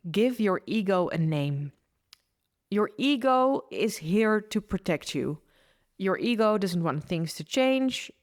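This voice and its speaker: A woman hosting a solo podcast, giving earnest, upbeat mindset advice to listeners with frequent restarts. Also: mid-range voice. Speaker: podcast host and mindset coach.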